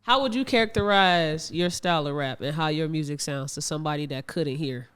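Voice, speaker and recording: A woman from Northwest Indiana hosting a podcast, asking interview questions in a steady, measured way. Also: low voice, clean tone. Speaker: podcast host.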